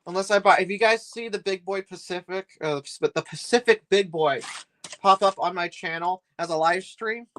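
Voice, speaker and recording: A man's voice: high-pitched, normal speed, fairly bright tone. A man streaming live while he builds a set, rambling and chatty, complaining with a laugh.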